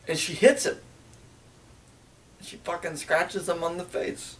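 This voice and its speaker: A man's voice: sits high, steady tone, measured pace, long pauses, a bit bright, far from the mic. A young man crudely retelling a story in casual chat, rambling and sometimes mimicking the characters.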